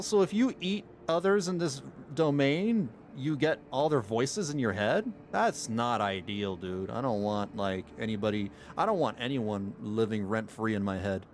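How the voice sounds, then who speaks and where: A man's voice: medium pitch, animated, normal speed, a little hiss or hum. A man streaming a game, making joking, amused asides while playing. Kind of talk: casual game commentary. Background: game music.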